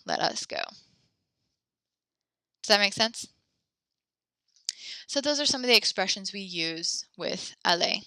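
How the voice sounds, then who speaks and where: A woman's voice: mid-range voice, bright, forceful tone, clear, resonant tone, no room sound. A young adult woman teaching a French class, upbeat and encouraging, chatty with fillers as she explains. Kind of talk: online class lesson.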